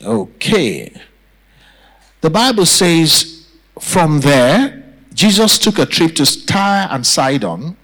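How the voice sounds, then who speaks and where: Pastor, male, higher-pitched, swooping delivery; emphatic sermon with call-and-response. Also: sing-song, takes it slowly, pauses often, fairly bright tone, poor audio. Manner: preaching with call-and-response to the congregation; emphatic, repeats phrases for effect. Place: church.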